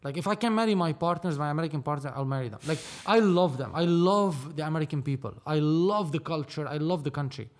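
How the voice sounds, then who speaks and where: A man's voice: a little high, fast, hardly any pauses. A man from Lebanon, talking animatedly as a podcast guest, repeating himself as he goes. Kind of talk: casual conversation.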